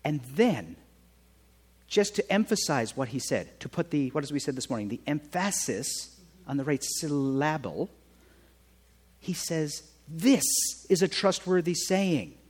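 A man preaching a sermon in a conversational way, often checking in with his listeners with a quick "right?". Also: fairly high pitch, expressive, darkish tone, husky, in a large hall. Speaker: pastor.

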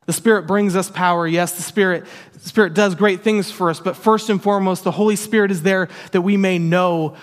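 Male preacher, emphatic sermon, earnest, repeats phrases, higher voice, church hall echo. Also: steady tone, brisk, hardly any pauses. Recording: long hall reverb.

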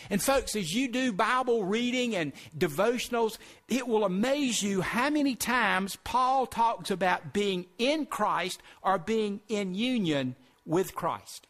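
A man's voice: sits high, a little slow, a bit bright. A male pastor delivering a Sunday sermon, earnest and emphatic, asking his congregation rhetorical questions.

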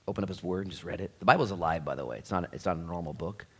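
A man preaching a sermon at a church service in a jokey, conversational way, swinging from quiet asides to loud, excited bursts. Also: low voice, very fast, slightly rough. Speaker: pastor.

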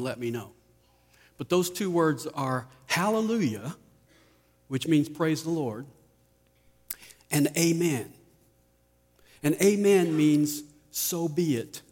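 A man preaches from the pulpit, taking his time over every phrase. His voice sits a little high for a man and often drops to a near hush at the end of a line. A long reverb trails behind him in the large sanctuary. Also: lively intonation. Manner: slow, deliberate preaching with dramatic drops in volume. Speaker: pastor. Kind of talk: sermon.

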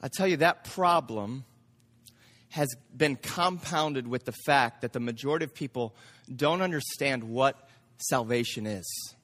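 A man preaching a sermon from the front of a church. He gets loud and amped up, and he repeats words as he speeds along. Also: medium pitch, a little slow. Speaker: pastor.

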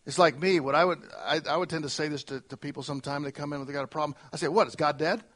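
Earnest preaching man, fairly high voice. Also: steady tone, very fast. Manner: earnest, swings from soft to emphatic. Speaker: pastor. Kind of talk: sermon.

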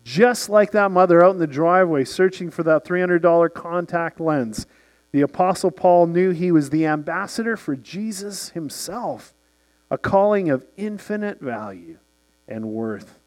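A man in his forties, a pastor, preaching a sermon and telling lively stories with acted-out voices. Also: high voice, unhurried. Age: 40s. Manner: storytelling, acts out characters in the anecdote.

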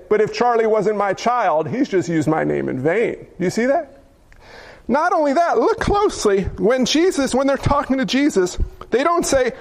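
A man's voice: very high voice, sing-song, moderate pace. A man preaching a sermon, emphatic, asking rhetorical questions and acting out the people he quotes. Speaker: pastor.

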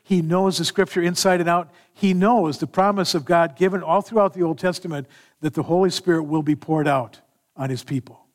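A man preaching a sermon in an animated manner, acting out scripture dialogue as he explains verses. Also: high voice, a little fast. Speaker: pastor.

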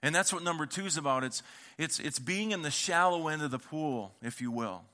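A male pastor delivers a sermon with a bright, forceful tone, pitched a little above the usual for a man. He talks casually, with slang and repeated words, and brings his stories to life by acting out the people he quotes. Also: fairly quick. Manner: animated storytelling, acting out quoted voices.

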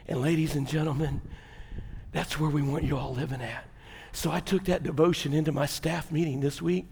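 Fervent Southern pastor, raised voice. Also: male voice, on the high side, fairly even intonation, moderate pace, vocal fry, darkish tone, breathy edge, in a large hall. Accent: Southern US, Mississippi. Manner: fervent, folksy preaching with colloquial grammar. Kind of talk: sermon.

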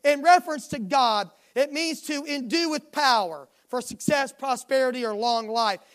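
A woman's voice: high-pitched, moderate pace. A woman preaching a sermon at a midweek church service, emphatic and given to repeating refrains.

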